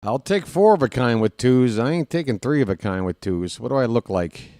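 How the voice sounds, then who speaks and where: A man's voice: mid-range voice, animated, fairly quick, mellow, no room sound, clean studio sound. A man hosting a live stream, chatting casually and trash-talking his opponent in a playful way.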